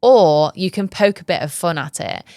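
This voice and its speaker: A woman's voice: on the low side, animated, normal speed, dark tone, no room sound, studio quality. A young woman hosting a podcast, giving candid business advice in a chatty way, full of ums and likes. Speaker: podcast host. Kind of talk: casual advice chat.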